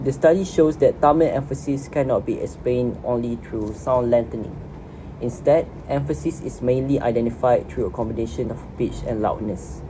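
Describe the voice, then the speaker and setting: A woman giving a student class presentation in a noisy room and reading from prepared notes. She repeats a word here and there as she goes. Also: extremely low pitch. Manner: reads prepared notes, repeats words at times.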